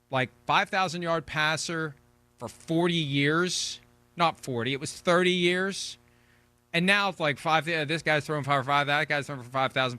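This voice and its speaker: A man's voice: a little high, sharp tone, no echo. A man in his sixties hosting a sports talk show, chatting casually and rambling with frequent restarts. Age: 60s. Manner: rambling, repeats words when restarting.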